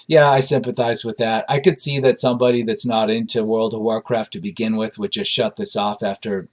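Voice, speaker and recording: A man's voice: fairly low pitch, flat delivery, fairly quick, few pauses, darkish tone. A man giving a casual spoken film review, rambling and dry, with frequent ums and side remarks.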